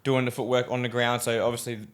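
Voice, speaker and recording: A man's voice: mid-range voice, little pitch movement, quick pace. A man hosting a podcast, interviewing his guest casually and affirming what he says. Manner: supportive, affirming. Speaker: podcast host.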